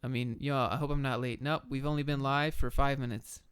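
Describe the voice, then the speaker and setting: Smooth-voiced man streaming casually. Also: mid-range voice, fairly even intonation, a little fast, no room sound. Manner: blunt, offhand answers to chat questions. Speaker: streamer answering viewer chat. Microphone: camera and desk mic.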